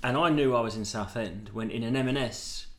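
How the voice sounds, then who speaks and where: A man's voice: medium pitch, moderate pace, fairly bright tone. A man hosting a casual comedy chat, cracking crude, cheeky jokes. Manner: joking, cheeky, crude banter. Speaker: podcast co-host, comedian.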